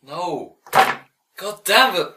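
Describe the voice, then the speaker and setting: A man's voice: high-pitched, lively intonation, drawn-out words, far from the mic, very noisy. Flustered man fumbling comedy lines. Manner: flustered, frequently stumbling, swearing and restarting lines; attempts a shaky Irish accent. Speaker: amateur video maker. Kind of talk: comedy outtakes, goofing through a script.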